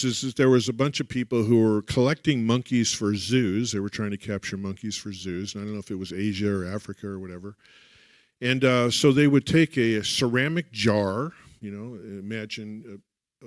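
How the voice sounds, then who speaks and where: A man's voice: on the low side, dry recording, clean studio sound. A man minister giving a conversational sermon, telling stories with restarts and asides. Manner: rambling, self-correcting storyteller.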